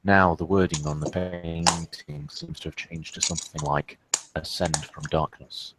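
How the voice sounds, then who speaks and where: Deep-voiced guy narrating a tabletop game, lots of uhs while he thinks. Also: steady tone, a little slow, loud music behind the voice. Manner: hesitant, searching for words. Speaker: storyteller, game master.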